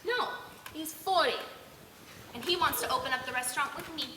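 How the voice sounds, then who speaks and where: Actress playing childlike excitable Bella. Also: female voice, high-pitched, a little fast, lightly acted. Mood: earnest. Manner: pleading, breathless, bursting into cries. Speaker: stage actor in a school play. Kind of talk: live stage acting. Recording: echoey stage from far off, faint noise.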